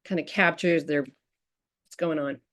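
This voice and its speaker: A woman's voice: deep voice, steady tone, slow, a bit bright. Woman, parenting workshop presenter, chatty, restarts, fillers. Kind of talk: informal parent talk.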